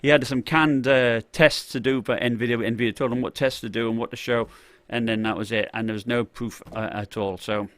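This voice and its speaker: This live-stream host chats about tech gear at medium pitch, fairly quick and fairly bright, with fairly even intonation and hardly any pauses. He rambles in loose runs thick with "uh," "you know," and restarts, regularly stopping to greet viewers by name from the chat. The recording is dry with no room echo.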